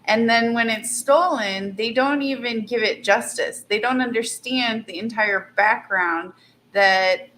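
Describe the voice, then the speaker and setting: A woman guest in an interview, speaking in a bright, forward tone. She stays calm and firm, laying out her view at a measured pace. Faint noise hangs in the background. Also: a little high. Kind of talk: casual interview conversation.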